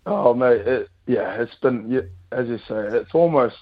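A man's voice: mid-range voice, measured pace, narrow, tinny audio. A man, a rugby player chatting as a guest in an easygoing way, his voice a little worn from celebrating. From New Zealand. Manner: relaxed, laughing, says mate often. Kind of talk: casual radio chat.

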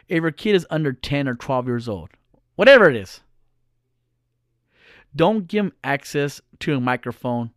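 A man's voice: a little high, dry recording, studio quality. A middle-aged man vlogging in a blunt, profane, heated rant straight to his viewers. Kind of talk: casual ranting monologue.

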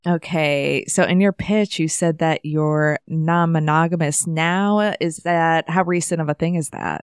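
Woman podcast host, smooth clear voice, fairly low pitch, laughs often, conversational. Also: unhurried, no room sound, studio quality. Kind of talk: casual interview.

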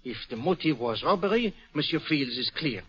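Precise, polite Belgian sleuth with French accent, slightly high voice, old radio drama sound. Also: male voice, lively intonation, moderate pace, a bit bright, breathy edge. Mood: inquisitive, polite. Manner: courteous, precise, sprinkles French words. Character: fussy, polite middle-aged Belgian male detective. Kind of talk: 1940s radio acting. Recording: dull old radio broadcast.

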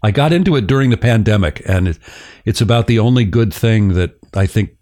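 A man's voice: lowish voice, expressive, fairly quick, mellow. Guy telling a story on a podcast, jokey, voice bounces all over. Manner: joking, chatty storyteller. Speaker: podcast host.

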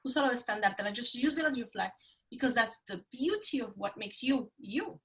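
Animated middle-aged woman. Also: a little high, fairly quick, recorded from a distance, low-quality recording. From Mexico. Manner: animated, emphatic storytelling. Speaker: guest, business consultant. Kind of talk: casual interview talk.

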